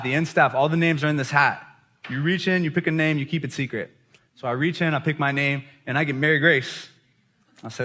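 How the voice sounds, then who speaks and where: A male preacher giving an animated storytelling sermon, laughing often as he talks. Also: medium pitch. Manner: animated, laughs while telling stories. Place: church gathering hall.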